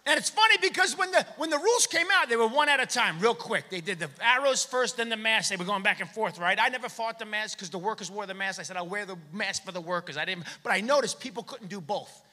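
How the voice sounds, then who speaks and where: Male stand-up comic, high-pitched, lively, acts out shouted bits, live theater reverb. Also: fairly quick. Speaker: stand-up comedian. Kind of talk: stand-up comedy set. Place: theater stage. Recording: long hall reverb from a theater.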